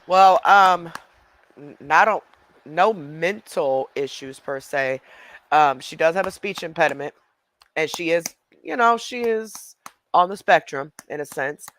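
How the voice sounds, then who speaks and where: A man's voice: on the high side, expressive, a little slow, a bit bright, slight background noise. A man hosting a reaction video, chatting casually and talking straight to his viewers. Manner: chatty, addresses viewers directly.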